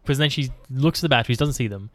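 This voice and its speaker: A man co-hosting a podcast, casually discussing a horror film with quick interjections. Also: mid-range voice. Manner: quick interjections, laughs along. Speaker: podcast co-host.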